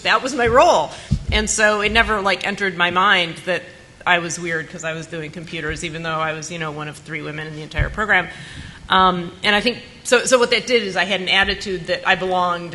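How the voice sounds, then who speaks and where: Blunt, bright-voiced woman telling stories. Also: fairly low pitch, poor audio. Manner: lively, blunt and animated anecdote-telling. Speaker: panelist. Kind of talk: storytelling on a conference panel. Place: conference panel room.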